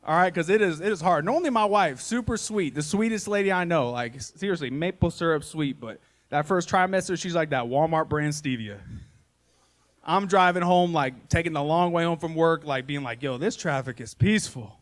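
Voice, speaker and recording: A man's voice: a little high, moderate pace. A man in his thirties doing live stand-up comedy, telling family stories in a folksy, self-mocking way full of "y'all" and "man.". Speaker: stand-up comedian and podcast host. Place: live comedy show before an audience.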